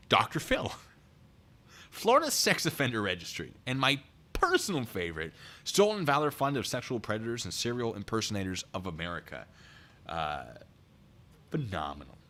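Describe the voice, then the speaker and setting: Sarcastic man with a lively, bright voice. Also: fairly low pitch. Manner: sarcastic, mocking, reads out comments. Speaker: commentary channel host. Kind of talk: sarcastic online commentary.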